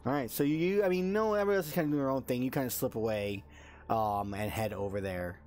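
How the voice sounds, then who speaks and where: A man's voice: medium pitch, fast talker, a little mellow. A man running a tabletop game as dungeon master, narrating loosely with fillers and restarts.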